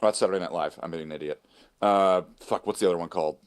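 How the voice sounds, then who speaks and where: A man's voice: sits low, quick pace, clear, resonant tone. A man co-hosting a casual chat, rambling and laughing often. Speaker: co-host.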